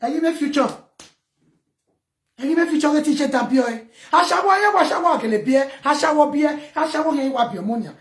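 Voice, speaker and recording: A woman's voice: high voice, animated, quick pace, roomy sound. A Nigerian woman vlogger ranting and scolding in Pidgin-mixed talk. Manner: loud, scolding, mixes Pidgin and local words. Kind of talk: ranting commentary to camera.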